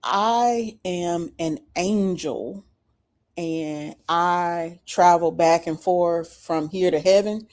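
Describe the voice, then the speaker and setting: A man voicing a self-important male angel messenger in a put-on Southern accent, speaking slowly and deadpan. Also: high-pitched. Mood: mock-solemn. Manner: slow, deadpan, mock-solemn. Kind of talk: comedic improvised bit on a livestream.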